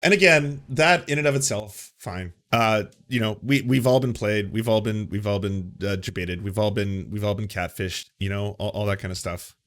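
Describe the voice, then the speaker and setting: A man's voice: on the low side, moderate pace, few pauses, a bit bright. A man hosting a reaction show, commenting wryly on a clip and reading out chat. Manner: wry, reads chat aloud. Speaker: reaction channel host.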